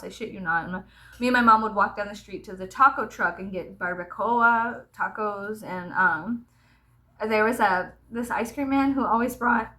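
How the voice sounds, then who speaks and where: A young woman vlogger with a slightly high, fairly bright voice tells rambling childhood stories to the camera. She swears freely and laughs as she talks.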